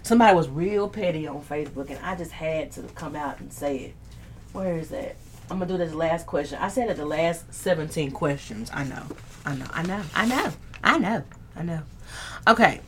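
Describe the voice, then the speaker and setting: A woman's voice: low voice, moderate pace, slight background noise. A young woman hosting a casual livestream, bantering with viewers, reading their comments aloud and laughing often. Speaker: livestream host. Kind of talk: casual live chat.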